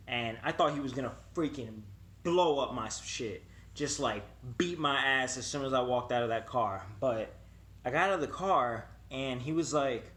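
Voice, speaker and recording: A young man vlogging, telling a story in a casual, animated way, swearing freely and acting out what people said. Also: medium pitch. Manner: animated, swearing, acts out quotes.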